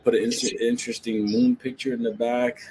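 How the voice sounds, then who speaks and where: A man's voice: mid-range voice, little pitch movement, a little fast, darkish tone, slight background noise, poor audio. A man, ranting about the stock market to his viewers in a brash, profane, joking way, laughing often.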